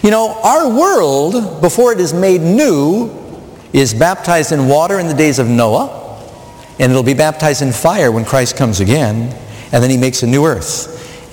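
Lively preaching man in a reverberant studio. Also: a little high. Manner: rhetorical questions, emphatic preaching. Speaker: pastor. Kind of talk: sermon. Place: studio with audience.

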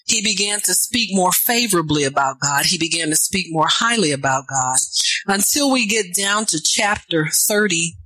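Bright-voiced woman preaching a sermon. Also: fairly low pitch, lively intonation, normal speed, no room sound, poor audio. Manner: call-and-response asides, rising to shouts.

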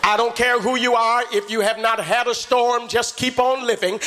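A man preaching a sermon with fervent call-and-response delivery and shouted peaks. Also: very high voice, steady tone, normal speed, hardly any pauses, a little hiss or hum.

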